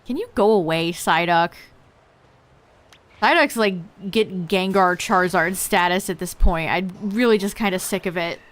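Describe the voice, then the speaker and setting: A young woman live-streaming a game, chatting casually with her viewers, her voice going a little hoarse. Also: lowish voice, normal speed, a bit bright. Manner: laid-back, chatty, talks to chat. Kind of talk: casual live-stream chat while gaming.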